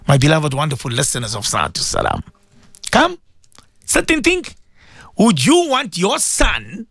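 A man's voice: sits high, a bit bright, no echo, studio quality. A man hosting an Islamic radio show, preaching with passion, asking rhetorical questions and repeating himself for emphasis. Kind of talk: impassioned religious radio talk.

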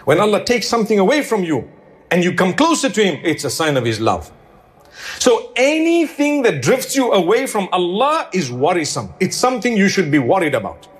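A man's voice: high-pitched, sing-song, normal speed. Earnest man preaching a sermon. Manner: conversational, rhetorical questions. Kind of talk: sermon to a live congregation.

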